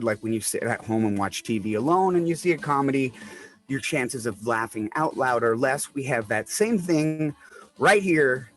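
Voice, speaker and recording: A man's voice: mid-range voice, lively intonation, normal speed, a bit bright. Chatty man hosting an open mic. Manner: loose, chatty, says man a lot. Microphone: video call.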